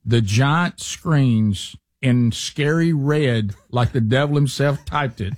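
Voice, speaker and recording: A man's voice: mid-range voice, takes it slowly, no echo. Man, radio host, casual storytelling, teasing, dry close mic. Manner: animated storyteller, acts out quotes, teasing.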